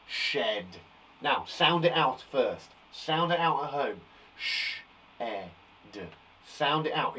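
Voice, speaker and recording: A man from England leading a live phonics lesson for young children, sounding out words slowly with a blocked nose and an encouraging manner. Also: a little high, fairly bright tone, slightly rough. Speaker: primary school teacher.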